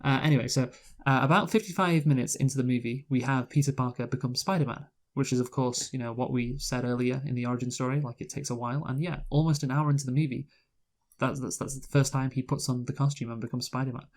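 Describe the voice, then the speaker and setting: A man's voice: mid-range voice, fairly even intonation, quick pace. A man co-hosting a casual movie review chat, rambling with lots of fillers and restarts. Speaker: podcast co-host, movie reviewer.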